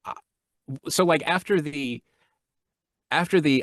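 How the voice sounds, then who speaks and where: A man's voice: mid-range voice, measured pace, pauses often, no room sound, studio quality. A man in his thirties, an actor and audiobook narrator, chatting as a guest and telling stories with frequent laughs and restarts. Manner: laughs often, restarts sentences, animated storytelling. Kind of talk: casual interview chat. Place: home studio.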